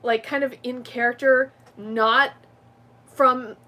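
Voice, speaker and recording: A woman's voice: on the high side, steady tone, pushed and bright. A woman co-hosting a podcast, chatting in a bubbly, gushing way. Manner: bubbly, gushing, quick to laugh. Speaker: podcast co-host. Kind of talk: casual fan podcast chat.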